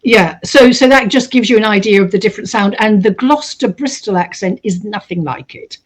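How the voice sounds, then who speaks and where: A woman recounting a true story in a casual, animated way, acting out the voices of the people in it. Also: medium pitch, fairly quick. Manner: animated, acts out quoted voices. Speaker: storyteller host.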